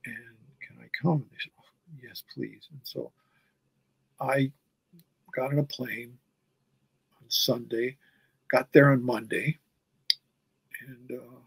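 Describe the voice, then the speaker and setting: A man's voice: mid-range voice, steady tone, slow pace, vocal fry, pauses often, husky, dry recording, low-quality recording. A man in his sixties, a guest in a casual interview, telling long stories in a rambling way and repeating words as he goes. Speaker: comic artist guest.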